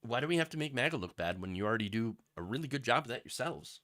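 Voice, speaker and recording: A man's voice: mid-range voice, lively intonation, fast, fairly bright tone. A man hosting a political commentary show, talking sarcastically over news clips with mocking asides.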